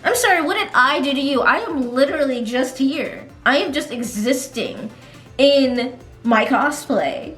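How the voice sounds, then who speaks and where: A woman vlogger chats through her stories in a casual, animated way, laughing often. Her voice sits a little high and swings widely in pitch. The room adds an echo, with faint music playing underneath. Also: unhurried. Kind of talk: casual storytelling vlog.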